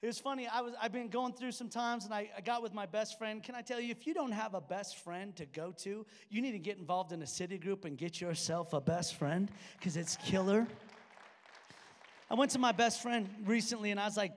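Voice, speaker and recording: A young man preaching in a casual, storytelling way, slipping into the voices of the people in his stories. His voice sits high for a man. The sound is a sermon in a large church hall with a long, trailing reverb. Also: a little fast. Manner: conversational, storytelling preacher who acts out dialogue. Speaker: pastor.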